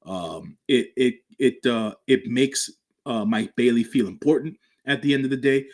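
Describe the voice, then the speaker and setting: A man co-hosting a wrestling podcast, speaking in a measured way that is full of fillers and restarts. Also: medium pitch, a little mellow. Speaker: podcast co-host. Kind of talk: casual wrestling podcast chat.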